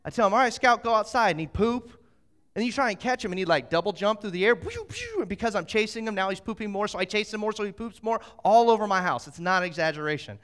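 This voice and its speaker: A middle-aged man preaching a sermon, moving from slow scripture reading to lively, animated storytelling. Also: sits high, clear, resonant tone. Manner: animated storytelling, acts out quotes. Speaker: pastor.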